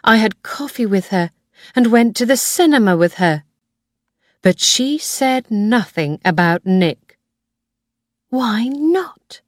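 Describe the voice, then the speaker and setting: A woman narrating an audiobook in a slow, clear, measured reading. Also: mid-range voice, animated, no room sound, studio quality.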